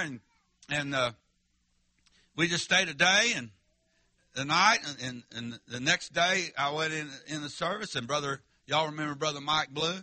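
A man's voice: fairly high pitch, bright, forceful tone, no room sound. A male preacher, telling a story in a revival sermon in a folksy, emphatic way and calling out to the congregation.

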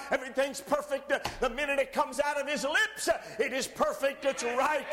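A man preaching a sermon, moving between quiet teaching and shouted, fervent passages. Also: very high-pitched, fairly even intonation, moderate pace, few pauses, in a large hall.

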